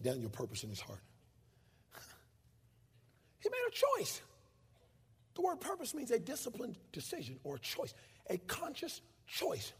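A man in his thirties preaching a sermon, telling stories animatedly and shouting out his mother's lines. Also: mid-range voice, breathy edge. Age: 30s. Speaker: pastor. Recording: long hall reverb.

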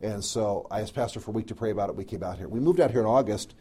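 Man, middle-aged, preacher, folksy storytelling sermon, low pitch, husky. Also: racing. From American South. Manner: folksy, animated anecdotes with quoted dialogue.

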